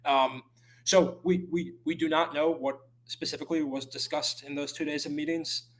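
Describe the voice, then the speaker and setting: A male journalist answering interview questions over a remote call, halting and careful with many restarts and fillers. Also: a little high, fairly even intonation. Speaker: journalist guest.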